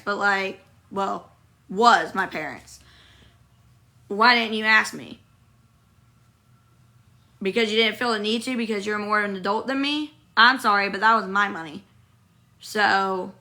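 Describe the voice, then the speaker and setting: A young woman with a hoarse voice, bluntly venting on a casual livestream, rambling and swearing as she answers viewer comments. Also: on the high side, bright, forceful tone. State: hoarse from illness. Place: hotel room.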